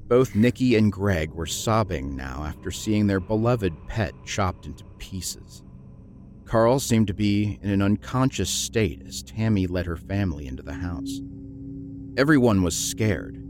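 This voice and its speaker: A man narrating a horror story in a measured, grim storytelling manner. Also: fairly low pitch.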